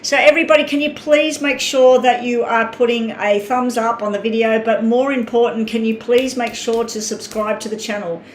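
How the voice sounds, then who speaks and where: A woman's voice: on the high side, steady tone, moderate pace, few pauses. An Australian woman giving tarot readings on a live stream, chatting casually, reading out viewer names and talking while she eats. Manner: chatty, reads out names, talks while eating. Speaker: tarot reader. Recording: echoey room with faint ambient noise.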